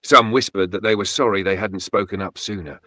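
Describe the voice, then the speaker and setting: Dry, bright male story narrator. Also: low voice, fairly quick, no echo. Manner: steady, dramatic storytelling. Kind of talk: scripted first-person narration.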